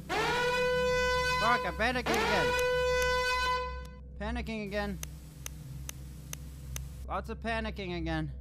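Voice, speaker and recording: A man hosting a let's play video, excitable and swearing constantly, shouting when panicked. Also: high-pitched. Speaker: gaming video host. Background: horror game music and sounds.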